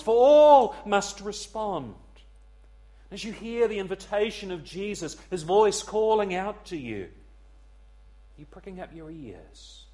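Earnest preacher, swinging loud to hushed. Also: male voice, on the high side. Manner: swells loud then drops to a near hush for emphasis; earnest, pleading, repeats words as he searches. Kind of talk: evening sermon.

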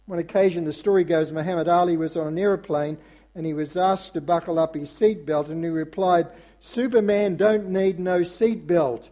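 A man delivering a sermon with a high-pitched voice that stays mellow and soft-edged. He speaks earnestly and at a measured pace, addressing the congregation directly and pausing now and then on small filler sounds. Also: fairly even intonation. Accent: non-American English. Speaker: pastor.

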